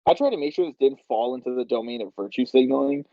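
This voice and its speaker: A man's voice: mid-range voice, fast, dry recording, dull audio. A man directing a voice session, rambling and laughing as he explains the scenes. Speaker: machinima director and writer. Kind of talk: casual directing chat.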